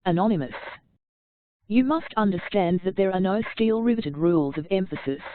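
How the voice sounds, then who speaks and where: Woman reader, low voice, formal audiobook delivery, dry close sound. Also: dry recording. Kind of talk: reading a public speaking textbook aloud. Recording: dry, tinny phone-like sound.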